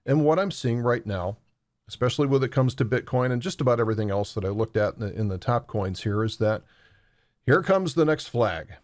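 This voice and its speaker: A man talking through market charts in a chatty, animated way. He mimics traders' voices now and then. The sound is dry and close, with no room echo, and his pitch sits mid-range. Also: fast. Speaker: crypto market analyst. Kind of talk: market commentary over charts.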